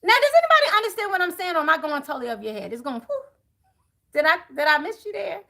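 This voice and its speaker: A woman's voice: very high-pitched, sing-song, fast talker, vocal fry, sharp tone. A woman speaking as a tarot reader to her viewers, blunt and profane, laughing often. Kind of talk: animated monologue to viewers.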